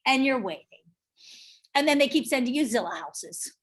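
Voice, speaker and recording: High-voiced, husky woman trainer. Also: moderate pace. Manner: animated, checks in with "right?" often. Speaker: real estate sales trainer. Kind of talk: live training talk to a class.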